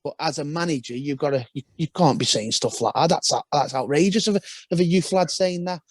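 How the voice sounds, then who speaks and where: A man's voice: fairly high pitch, brisk, no room sound. A young man, a former footballer, talking casually as a podcast guest in a rambling storytelling way with frequent restarts.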